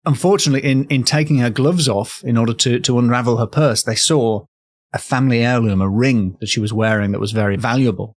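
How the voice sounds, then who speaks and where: A man's voice: mid-range voice, quick pace, no echo. Dry-voiced man spinning a rambling folk tale. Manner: rambling, self-correcting, playful. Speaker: podcast host, storyteller. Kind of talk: comedic folklore storytelling.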